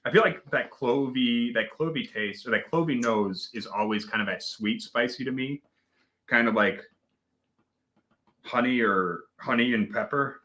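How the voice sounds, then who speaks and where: A man's voice: medium pitch, a little slow, bright, forceful tone. A man co-hosting a casual whisky tasting chat, chatty and rambling, laughing often. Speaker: whisky review show co-host.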